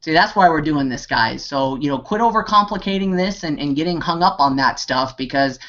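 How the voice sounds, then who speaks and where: A man's voice: fairly high pitch, animated, a little fast, sharp tone. Rambling, pep-talking man on a lo-fi call. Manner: rambling, heavy on 'you know' and fillers, restarts. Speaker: network marketing team leader. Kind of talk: motivational talk on an online hangout.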